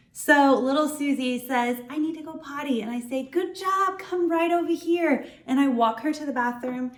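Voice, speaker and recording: Woman explaining steps in an echoey room. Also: high voice. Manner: warm, clear, explains step by step with acted examples. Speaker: children's ministry trainer. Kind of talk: instructional training video.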